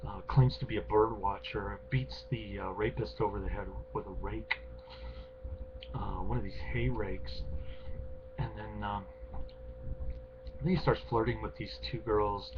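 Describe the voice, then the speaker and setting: Guy with a lowish voice rambling thru a movie review, lots of ums, dull lo-fi audio w/ rumble behind. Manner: rambling, full of ums and uhs, offhand and wry. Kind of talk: casual unscripted film review. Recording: dull lo-fi recording with clear background rumble.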